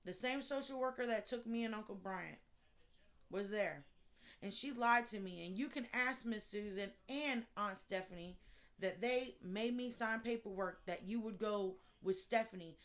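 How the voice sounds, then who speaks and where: A woman's voice: mid-range voice, moderate pace. A woman talking straight to her viewers in a personal vlog, emotional and blunt, swearing freely, recorded indoors at home. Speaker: vlogger.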